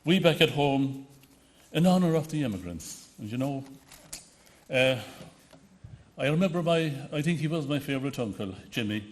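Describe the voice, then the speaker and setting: A man's voice: a little high, lively intonation, normal speed, pauses often, slight background noise. A man from the west of Ireland with a Connemara accent gives an anecdotal tribute speech, often restarting and hesitating as he tells his stories. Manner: storytelling with frequent restarts and hesitations. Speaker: award ceremony speaker.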